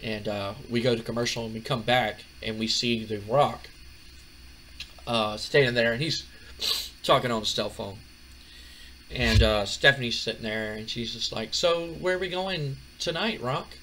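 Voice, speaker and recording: A man narrating a game playthrough in a loose, chatty way, full of fillers and restarts. His voice is bright, with a faint hiss behind it. He speaks at a mid pitch. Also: fairly even intonation, normal speed, long pauses, low-quality recording. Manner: chatty, rambling, many fillers. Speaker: gaming channel host.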